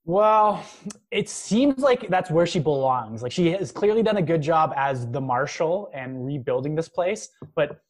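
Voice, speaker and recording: Male podcast co-host, slightly high, eager, filler-heavy talker. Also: animated, a little slow. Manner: enthusiastic, filler-heavy, laughing. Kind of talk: casual chat.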